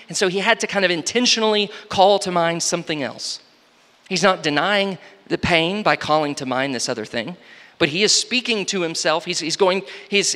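High-voiced man preaching in a reverberant hall. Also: bright, forceful tone. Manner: reads scripture slowly, then explains with rising emphasis and repeated restarts. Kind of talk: sermon.

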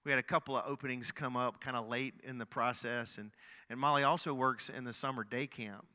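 A middle-aged man preaching a sermon, telling a story in an earnest, conversational way and often doubling up his words. His voice is medium in pitch with a bright, forward edge. It rings out with the long reverb of a big church hall. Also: steady tone, brisk. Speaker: pastor.

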